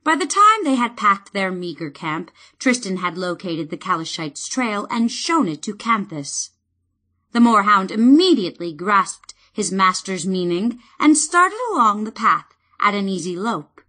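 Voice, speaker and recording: Female audiobook narrator for fantasy; bright tone, lively pitch, slow measured delivery.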